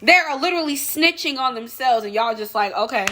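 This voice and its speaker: Woman going off on a rant, lots of repeated questions, high sharp voice. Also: animated, fairly quick. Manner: emphatic, repeats rhetorical questions, addresses viewers as y'all. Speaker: vlogger. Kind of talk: opinion rant to camera.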